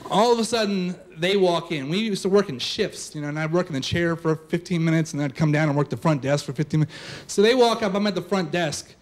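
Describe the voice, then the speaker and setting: A young man telling a personal story on stage before a live audience, casual and animated, full of "like" fillers. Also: on the high side, fast.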